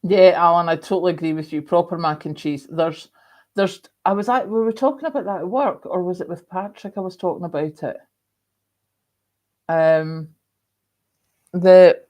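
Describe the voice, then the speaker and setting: A woman's voice: lowish voice, normal speed, a little mellow. A woman hosting a casual live stream, chatting rambly and reading out viewer comments with lots of ums. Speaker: livestream host.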